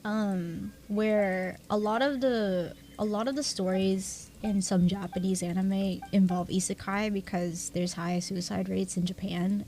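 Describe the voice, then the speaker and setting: A woman's voice: mid-range voice, a little mellow. A young adult woman livestreamer chatting casually with her viewers, rambling and self-deprecating, laughing often. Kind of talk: casual stream chat.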